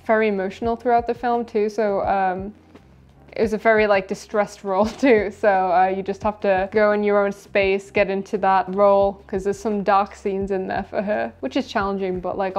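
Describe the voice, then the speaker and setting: A young woman talks as an actress in a relaxed interview, chatty and quick to laugh. She leans on fillers like "like" and "um". Her voice sits at a medium pitch. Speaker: actress guest. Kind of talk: casual interview chat.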